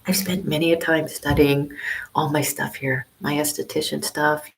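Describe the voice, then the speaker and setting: Low-voiced woman whispering a casual livestream. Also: little pitch movement, normal speed, creaky, low-quality recording. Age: over 50. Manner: whispering quietly, chatty and rambling. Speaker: vlogger doing a livestream. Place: small library study room.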